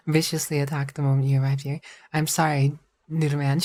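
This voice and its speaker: Low-voiced chatty woman streamer. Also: little pitch movement, normal speed, long pauses, darkish tone. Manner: chatty, rambling, giggly. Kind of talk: casual live-stream chat.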